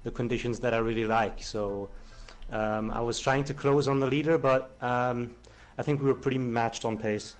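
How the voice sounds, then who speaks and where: Racing driver, mid-pitched man, calm answers full of fillers. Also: normal speed. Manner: steady answers broken by ums and uhs. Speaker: racing driver, second place. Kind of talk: post-race interview.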